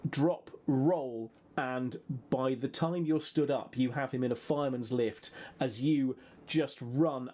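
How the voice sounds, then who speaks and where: A man narrating a comedic tabletop role-playing game as game master, playful and quick to put on voices and sound effects. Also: mid-range voice, a little mellow.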